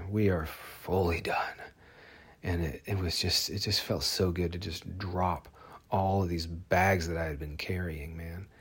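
Low gravelly man telling an earnest story. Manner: earnest, halting, many restarts. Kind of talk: casual personal storytelling.

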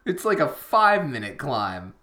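A man's voice: mid-range voice, big pitch swings, unhurried, bright, forceful tone. A man co-hosting a podcast, chatting casually in a rambling, self-deprecating way with lots of fillers. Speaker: podcast co-host. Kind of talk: casual chat.

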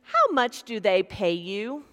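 A woman's voice: medium pitch, wildly swooping pitch, takes it slowly, highs cut off. Wise, amused old rabbi, as a woman puts him on. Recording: long reverb of a large hall.

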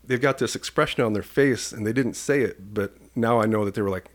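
Low-voiced man telling a lively story. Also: fairly quick. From Iowa, US. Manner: lively storyteller who acts out the people in his story. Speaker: police commander, podcast guest. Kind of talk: animated personal storytelling.

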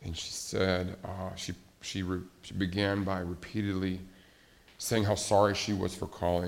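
A pastor preaching a conversational sermon, pausing often with fillers and restarts. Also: male voice, deep voice, flat delivery, vocal fry. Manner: conversational, hesitant with many fillers.

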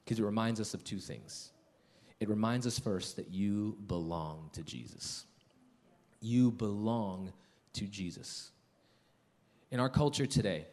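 A middle-aged man delivering a sermon. His voice moves through a wide span, from soft, slow, low lines up to high, loud, animated stretches. He talks to his listeners directly, the way a pastor does from the pulpit. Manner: swings from hushed intimate lines to loud excited storytelling.

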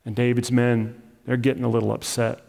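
A man's voice: mid-range voice, completely flat delivery, fairly quick, gravelly, darkish tone, long reverb tail. A man preaching a sermon as pastor, in a conversational, emphatic style that acts out the story.

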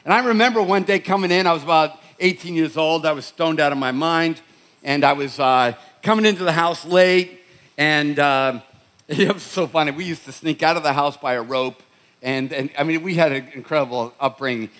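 With a Boston accent and a slightly high, fairly bright voice, a middle-aged pastor from Boston preaches at normal speed. His sermon unfolds as conversational storytelling, and he keeps restarting his sentences.

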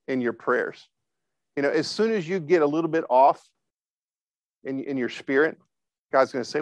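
A man's voice: on the high side, animated, moderate pace, no room sound. A man preaching a conversational sermon, often asking his listeners for a response. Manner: asks the congregation for responses; informal, with frequent fillers and restarts.

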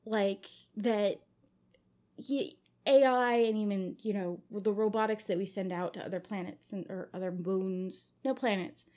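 A young woman talks casually as a podcast co-host, musing about a story with plenty of pauses and fillers. She speaks at an ordinary pitch and trails off as she works through her thoughts. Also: fairly even intonation, mellow. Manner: hesitant, with many restarts and fillers. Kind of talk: casual chat.

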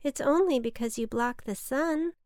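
A sweet, well-mannered little boy from a children's storybook, as a woman puts him on, earnest and eager to help. His voice sits high and bright and lifts with feeling. It is recorded close and dry, with no room sound at all. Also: normal speed, no room sound, lightly acted. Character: kind, polite little boy.

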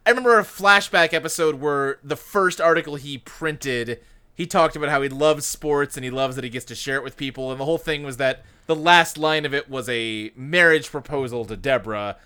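A man co-hosting a casual podcast with a bright, forward voice that sits a little high. He talks loosely and wryly and laughs easily. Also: fairly quick, clean tone. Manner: laughs often, animated and wry. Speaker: podcast co-host. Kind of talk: casual chat.

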